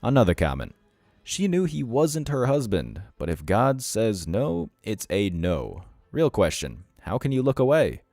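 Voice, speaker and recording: A man's voice: lowish voice, sing-song, measured pace, a little mellow, dry recording. A man hosting a reaction commentary, reading out comments and lecturing in a sardonic tone. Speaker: commentary channel host.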